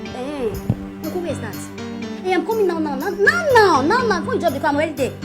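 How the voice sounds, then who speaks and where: A woman playing a fed-up young wife in a comedy skit, complaining fast and repeating her words over and over. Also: very high-pitched, big pitch swings. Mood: frantic. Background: music.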